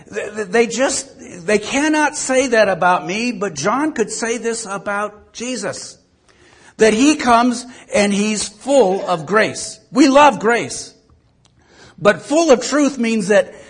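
A man's voice: sits high, slightly rough. An older man preaching a sermon to his congregation, folksy and self-mocking, with asides to the listeners. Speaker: pastor.

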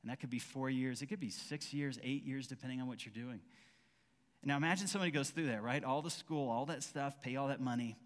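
A man's voice: medium pitch, brisk, in a large hall. A man preaching a conversational sermon as pastor, acting out quoted dialogue with frequent restarts.

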